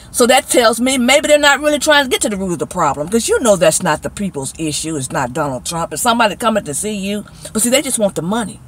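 A woman's voice: a little high, poor audio. A middle-aged woman hosting her own commentary channel. She talks casually and emphatically, scolding and speaking straight to her viewers.

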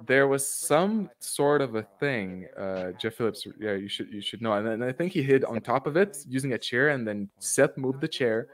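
A man hosting a casual livestream chat, telling stories excitedly and laughing often. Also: medium pitch, moderate pace, few pauses. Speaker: show creator and host.

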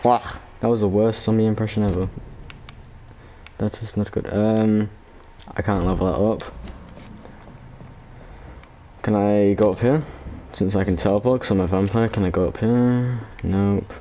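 A chatty man doing casual game commentary, rambling and joking as he plays. His voice is lowish and mellow. A faint hum of ambience sits behind him at the desk mic. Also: steady tone, moderate pace. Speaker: gamer. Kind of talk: casual let's play commentary. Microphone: desk microphone.

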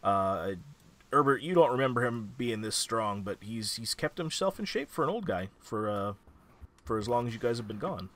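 Lively young game master. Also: male voice, mid-range voice, normal speed. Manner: casual, full of fillers and restarts, lively. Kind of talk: narrating a tabletop game.

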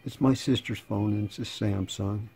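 A man in his sixties with a low, gravelly, husky voice and a dark tone. He reads chat messages aloud in a casual way and adds dry, sarcastic asides. He rambles and restarts his words often. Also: fairly even intonation, normal speed. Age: 60s. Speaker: channel host.

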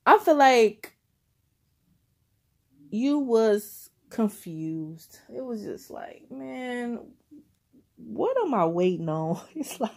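Slow-talking, laughing, profane tarot reader woman. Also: a little high, big pitch swings, creaky. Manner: profane, laughing often, speaking straight to the listener. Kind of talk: casual tarot reading to viewers.

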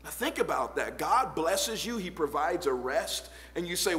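A man preaching an evening church sermon as pastor, reading old scripture aloud and building to shouted points. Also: fairly high pitch, sing-song, moderate pace, hardly any pauses, long reverb tail. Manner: reads old-fashioned scripture verses aloud. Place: church sanctuary.

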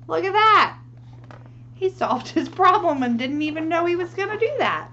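A woman reading a picture book aloud to children, animated and asking her listeners questions. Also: extremely high pitch, normal speed, muffled recording. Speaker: storyteller for children.

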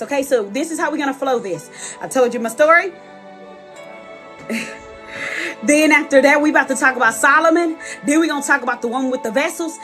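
High-voiced woman preaching with fervor. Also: a bit bright. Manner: passionate, calls the audience sis and y'all. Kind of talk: sermon on a live stream.

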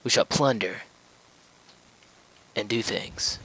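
Low, unhurried man joking through a game. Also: fairly even intonation, vocal fry, fairly bright tone, rough recording. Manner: joking, rambling, talks to the game. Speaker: let's play gamer. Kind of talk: casual gameplay commentary.

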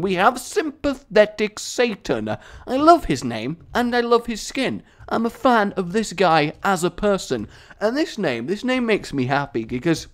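A jokey man hosting Minecraft commentary, with a higher voice that rises and falls a lot. He teases himself, laughs at his own jokes and takes his time. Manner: playful, jokey, self-mocking, animated. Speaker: gaming video host.

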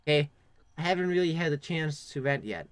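A man's voice: a little high, animated, fairly quick, no room sound. A young man hosting a gaming channel, reading game chat aloud and adding crude, sarcastic jokes as he plays. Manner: joking, crude asides, sarcastic. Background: keyboard typing and clicks.

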